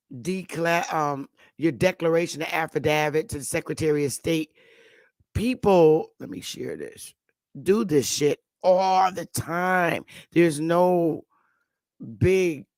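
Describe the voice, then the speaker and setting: Slow, blunt talk show woman. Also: low voice, a little mellow, no echo, clean studio sound. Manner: rambling, profane and blunt. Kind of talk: casual morning chat.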